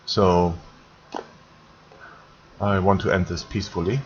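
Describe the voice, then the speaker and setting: A man from Germany with a German accent, speaking English in a grumpy, halting vlog rant, repeating words and swearing. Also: deep voice, steady tone, breathy edge. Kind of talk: ranting monologue vlog. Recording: dull lo-fi recording.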